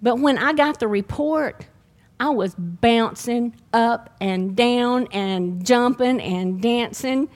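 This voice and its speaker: Woman preacher with a higher voice. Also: takes it slowly. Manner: lively storytelling, laughs at her own stories. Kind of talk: sermon with personal testimony.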